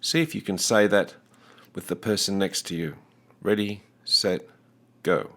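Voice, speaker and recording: Male teacher, low-ish voice, unhurried deliberate delivery for a recorded lesson. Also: a bit bright. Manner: slow, deliberate, carefully enunciated.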